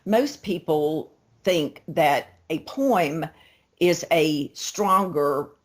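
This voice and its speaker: This is a chatty older woman with a Southern American accent, speaking low in pitch for a woman. She talks as a guest author, eager and storytelling, with plenty of emphasis. Her voice comes over a remote call. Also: extremely slow. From Louisiana, USA. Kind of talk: casual interview chat.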